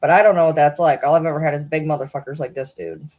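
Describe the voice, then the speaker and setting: A woman's voice: deep voice, fast talker, a little mellow. Chatty woman cooing at her cat. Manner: chatty, swears, coos baby talk at her cat. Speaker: vlogger. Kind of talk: casual chat to her cat.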